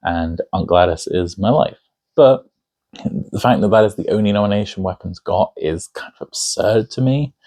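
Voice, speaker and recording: A man with a low, dark-toned voice at normal speed hosts a casual film review video. He gives opinionated commentary in a chatty, enthusiastic way, full of asides.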